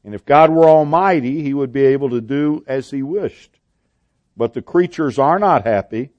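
A man preaching a sermon, reading scripture aloud with measured delivery and hesitant restarts. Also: medium pitch, dry recording, muffled recording. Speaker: pastor.

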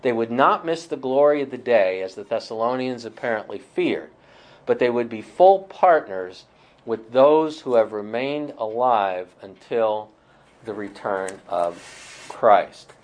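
A man's voice: mid-range voice, lively intonation, a little slow. Man teaching a small Bible study. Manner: thoughtful, with many fillers and restarts.

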